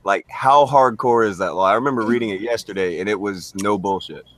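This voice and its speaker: A man's voice: on the low side, brisk, fairly bright tone, slight background noise. A man in casual group voice chat who rambles loosely.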